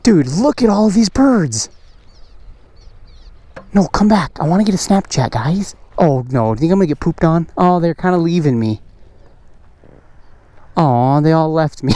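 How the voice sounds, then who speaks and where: A young man riding a motorcycle and chatting excitedly to his viewers and to the animals he passes. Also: fairly high pitch, a little slow, pauses often, dry recording. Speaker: motovlogger. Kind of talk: casual riding commentary. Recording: loud engine and wind noise.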